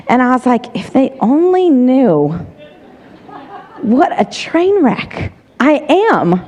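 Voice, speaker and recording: Woman, 40s, seminar speaker; lively self-mocking stories, slow delivery, wide pitch swings. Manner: animated, self-mocking storytelling. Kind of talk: motivational talk to women.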